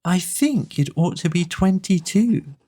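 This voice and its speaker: A man voicing a gentle, simple-minded toy bear in a slow, agreeable way. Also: high voice, animated, pitched above the performer's own voice.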